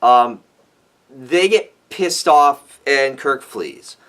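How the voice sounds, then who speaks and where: A man giving a ranting film review for his vlog, animated and exasperated, swearing freely. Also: medium pitch, very slow. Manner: animated, exasperated, profane, with frequent restarts.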